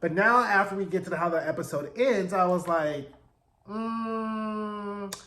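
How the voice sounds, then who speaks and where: A man hosting a casual TV recap in a sassy, animated way, swearing freely and tossing in "right?" while he acts out the characters' lines. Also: sits high, a little fast, reverberant. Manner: peppered with profanity and rhetorical "right?". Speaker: TV recap host.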